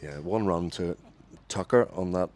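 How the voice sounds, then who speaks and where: A deep-voiced man calls cricket ball by ball on the radio from a commentary booth. His delivery turns lively on big shots, and he puts his own slips right as he talks. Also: measured pace. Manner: lively ball-by-ball calling, corrects himself.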